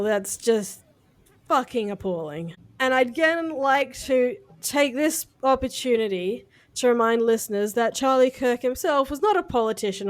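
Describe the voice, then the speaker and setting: A woman co-hosting a podcast, talking through news in a blunt, casual way, swearing and laughing at her own jokes. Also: on the high side. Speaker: podcast co-host.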